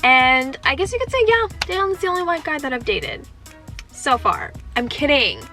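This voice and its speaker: A woman's voice: high-pitched, big pitch swings, moderate pace, sharp tone, soft background music. A young woman answering viewer questions in a casual vlog, playful and joking as she chats. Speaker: vlogger.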